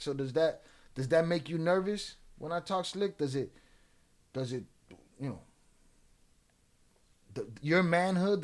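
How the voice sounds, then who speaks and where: A man hosting a livestream, taunting and trash-talking trolls in the chat in a drawling, streetwise way. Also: a little high. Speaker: livestream host. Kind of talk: live-stream chat with viewers.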